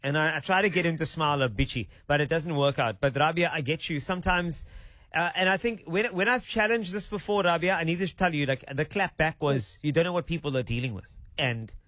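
A man's voice: a little high, brisk, fairly bright tone, no room sound. A South African man hosting a radio talk show, chatty and playful in a studio. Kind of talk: casual radio chat.

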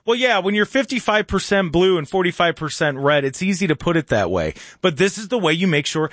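A man hosting a call-in radio talk show, ranting sarcastically and mocking opponents in slow sing-song asides. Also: high-pitched, lively intonation, a bit bright, dry recording, studio quality. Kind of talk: opinionated call-in radio monologue.

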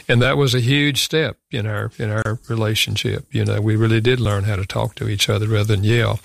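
A man's voice: lowish voice, steady tone, fairly quick, creaky, hardly any pauses, a bit bright, no room sound, clean studio sound. An older man, a guest author, telling a personal parenting story in an earnest, reflective way, often saying "you know". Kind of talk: conversational storytelling.

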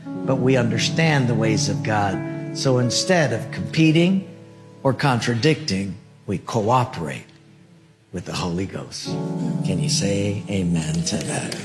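A male pastor preaching a sermon, telling a story in a lively way. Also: lowish voice, unhurried. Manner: lively, acts out dialogue. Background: guitar music.

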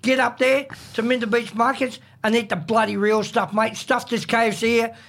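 A man's voice: very high-pitched, level tone, normal speed, gravelly, a bit bright. An Australian man bantering on a radio show, blokey and blustering, with "mate" at the end of nearly every line. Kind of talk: casual banter.

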